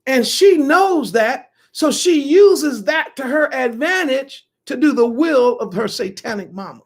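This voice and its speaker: Slow, gravelly-voiced preacher. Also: sits high, animated. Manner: slow, emphatic, swings from loud to hushed. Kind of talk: Sabbath sermon.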